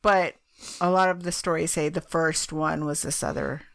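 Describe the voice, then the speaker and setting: A woman's voice: deep voice, steady tone, normal speed, a bit bright. A tipsy woman co-hosting a podcast, reading a ghost story aloud between giggly tangents. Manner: giggly, reads aloud then drifts off topic. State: tipsy from drinks. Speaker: podcast co-host.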